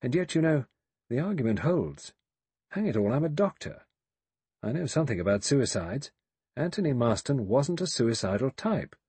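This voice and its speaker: A man voicing a stiff, defensive middle-aged doctor in an audiobook, brisk and clipped. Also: mid-range voice, sing-song, a little mellow, slightly rough, dry recording, voice pushed up. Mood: grave. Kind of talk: audiobook character voice.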